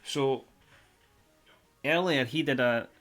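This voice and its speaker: A man's voice: mid-range voice, slow, a bit bright, faint music behind. A man, a streamer chatting casually to his viewers as he signs off. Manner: rambling, signing off.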